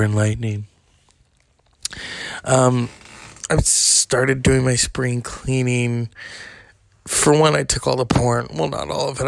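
Slow, gravelly, crude podcast host. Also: male voice, mid-range voice, no echo. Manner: crude, sardonic rambling. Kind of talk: rambling podcast monologue.

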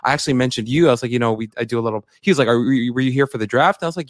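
A man co-hosting a sports podcast, talking in an excitable, rambling way with lots of "like" and "bro". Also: medium pitch, racing, no room sound, studio quality. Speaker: podcast co-host. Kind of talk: casual sports podcast chat.

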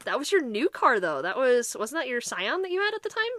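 A woman's voice: high-pitched, brisk, no room sound. A woman co-hosting a casual chat, telling a story with a lot of swearing and acted-out quotes. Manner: animated, swearing, acts out quotes. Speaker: podcast co-host.

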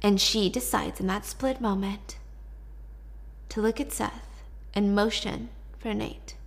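A woman narrating a dark story in a chatty, casual retelling with wry asides. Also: mid-range voice, steady tone, slow, creaky.

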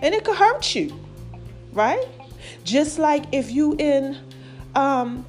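A woman's voice: sits high, mellow. A woman hosting a casual motivational podcast, folksy and affectionate, a little out of breath with a swollen throat. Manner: folksy, affectionate, calls listeners baby and y'all. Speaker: podcast host.

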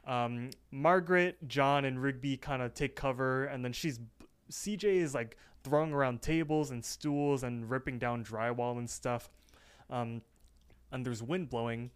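Male co-host, casual recap, smooth clear voice, average pitch. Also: measured pace. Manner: animated storyteller with many fillers. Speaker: podcast co-host.

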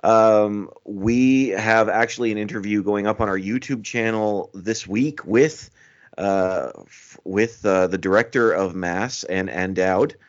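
Canadian guy on a podcast, low voice, friendly and rambly, muffled audio. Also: unhurried. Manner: friendly, rambling, laughs easily. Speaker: podcast guest, film critic. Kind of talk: casual podcast chat.

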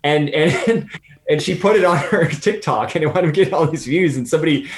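A man's voice: fairly high pitch, brisk. A man from Southern California chatting as a guest over a video call, telling stories in a laid-back way with frequent laughs and restarts.

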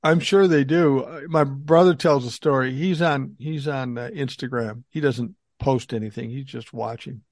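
An older man hosting a podcast, telling stories in a lively, animated way, acting out voices and swearing casually. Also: mid-range voice, normal speed, few pauses, no room sound, clean studio sound. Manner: animated storyteller, acts out quoted voices, swears. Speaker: podcast host. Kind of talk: casual chat.

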